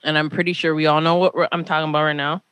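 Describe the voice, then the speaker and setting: A woman's voice: deep voice, flat delivery, very fast, fairly bright tone, clear, resonant tone, no echo. A woman from Toronto co-hosting a podcast, chatting casually and animatedly, teasing her co-host with pressing questions. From Toronto, Canada. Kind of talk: casual chat.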